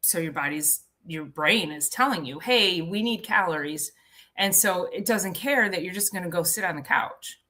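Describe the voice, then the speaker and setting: A woman's voice: lowish voice, normal speed, hardly any pauses, sharp tone. A woman hosting a casual health talk, chatty, often restarting her sentences and laughing easily. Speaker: health show host.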